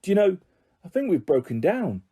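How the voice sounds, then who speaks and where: A hot-tempered teenage boy wizard, voiced by a man, blurting out his words for an audiobook. The voice sits raised and a touch husky, with a mellow tone. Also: high voice, big pitch swings, pitched above the performer's own voice, exaggerated voice. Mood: eager. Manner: blurting, quick to anger.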